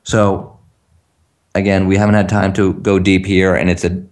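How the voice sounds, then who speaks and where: A man's voice: deep voice, flat delivery, normal speed. A man giving an earnest coaching talk on a call, acting out example phrases for listeners to repeat. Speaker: tapping practitioner, guest on a call.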